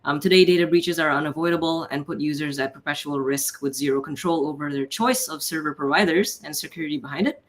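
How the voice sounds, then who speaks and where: A man with a West Coast American accent delivering a startup pitch, speaking clearly and at a measured pace. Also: fairly bright tone. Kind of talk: rehearsed pitch then answers.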